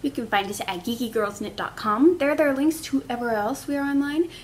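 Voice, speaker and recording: A woman co-hosting a podcast in casual chat, brisk and matter-of-fact. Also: sits high, slight background noise. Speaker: podcast co-host.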